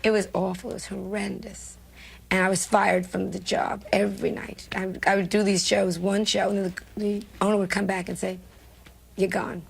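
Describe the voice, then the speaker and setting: An older New York comedian tells brash, self-mocking stories in a candid interview, getting emotional and laughing often. Her medium-pitched voice is creaky and husky, with a flat delivery at normal speed.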